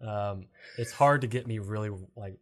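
A man co-hosting a casual podcast, speaking in a calm, rambling way full of fillers. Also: fairly low pitch, moderate pace. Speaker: podcast co-host and co-founder.

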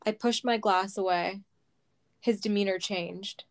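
A woman reading her own personal memoir aloud, slow and heavy, close to tears. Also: mid-range voice, fairly even intonation. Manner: slow, heavy, measured storytelling.

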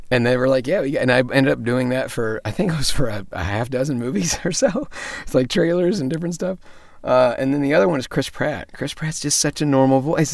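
A man working as a voice actor and impressionist, telling stories in a casual interview, chatty and quick to laugh. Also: mid-range voice, no room sound. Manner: chatty, laughs often, acts out quoted voices.

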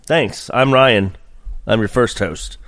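A man's voice: on the low side, slow pace, fairly bright tone, no room sound, clean studio sound. A man hosting a casual podcast, rambling through stories with lots of fillers and swearing while he bickers with his co-host. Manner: rambling, profane, trails off with fillers.

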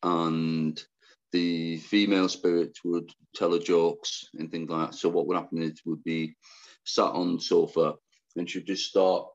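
A man telling his own difficult story as an interview guest, halting, restarting often, and speaking frankly. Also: sits low, vocal fry, a little mellow, dull audio. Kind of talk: candid personal storytelling.

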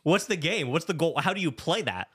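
Young male podcast co-host, animated and sarcastic, dry studio sound. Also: a little high, a little fast, breathy edge, dry recording. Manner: animated, swearing, mocking impressions. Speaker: podcast co-host recapping a movie. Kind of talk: casual chat.

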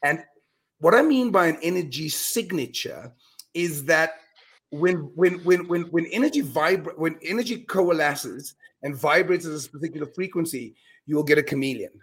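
A middle-aged man speaking as a guest on an interview podcast. He talks in an emphatic, earnest way, with quick restarts and repeated words. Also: a little high, animated, a bit bright. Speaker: guest speaker on mind power. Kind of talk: animated storytelling in a podcast interview.

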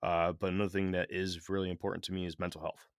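Male podcast co-host, very deep voice; earnest and candid, halting often, dry close-mic sound. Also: level tone, no echo. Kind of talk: casual podcast chat.

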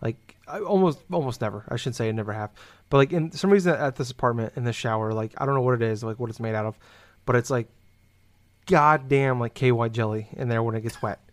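His mid-range voice moves at a quick pace as the young man chats casually, telling a meandering story full of "like" and curse words.

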